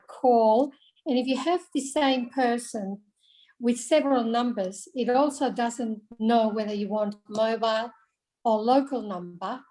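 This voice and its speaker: A woman in casual panel chat, explaining in a measured way. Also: a little high, a little mellow, poor audio. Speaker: panel member.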